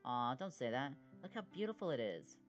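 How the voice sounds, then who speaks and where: A voice actor playing a bossy, encouraging, bold big sister in an animated series, with a lively voice on a dull, lo-fi recording. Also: medium pitch, brisk, soft background music, close to an everyday voice. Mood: coaxing. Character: cheerful can-do big sister, a child. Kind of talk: animated web series voice acting.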